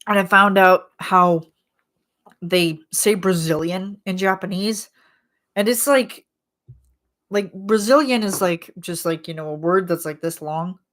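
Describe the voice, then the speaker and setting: A woman's voice: lowish voice, a little slow, a bit bright. A woman hosting a casual chat vlog, rambling with lots of filler words and frequent laughs. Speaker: channel host.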